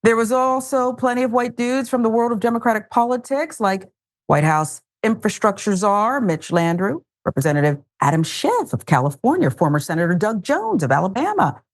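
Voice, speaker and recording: A woman's voice: a little high, very animated, normal speed. A woman hosting a news commentary show, reading headlines casually with wry, joking asides.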